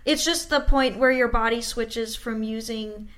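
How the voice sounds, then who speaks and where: Young woman, casual chat, slightly high voice, curious, asks questions. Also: unhurried, a bit bright, rough recording.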